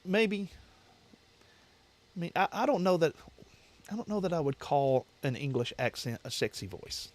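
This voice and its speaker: Male livestream host, loose and rambling, repeats phrases, quick to laugh. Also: fairly high pitch, very animated, a little mellow. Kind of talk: casual livestream chat with viewers.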